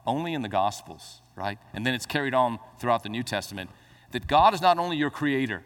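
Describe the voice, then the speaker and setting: A pastor preaches in a high voice that fills a big room, swinging between quiet explanation and rising exclamations and tossing playful asides to the congregation.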